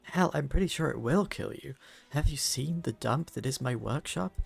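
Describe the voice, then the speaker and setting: A man voicing an excitable young woman inventor who talks in eager, loud bursts. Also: medium pitch, takes it slowly, vocal fry, slightly rough, no room sound, full character voice. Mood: anxious. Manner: eager, exclamatory.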